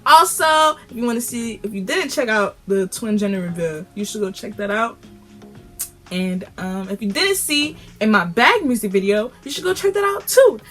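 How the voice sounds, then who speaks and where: Animated young woman telling a storytime. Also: on the high side. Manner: animated and emotional, filler-heavy slang. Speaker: vlogger. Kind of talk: casual storytime vlog.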